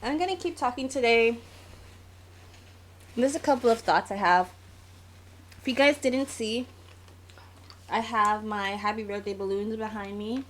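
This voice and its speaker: Speaking a little slowly and pausing often, this American woman in her forties, a graphic novelist, chats on a live stream in a slightly high voice. She has a scratchy throat and leans on frequent fillers.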